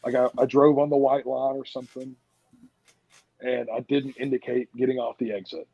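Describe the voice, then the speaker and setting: Husky man telling road stories. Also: medium pitch, flat delivery, normal speed, warm tone. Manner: laid-back storytelling with drawled quotes. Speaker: podcast guest, wrestler. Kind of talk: casual interview chat. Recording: dull lo-fi sound.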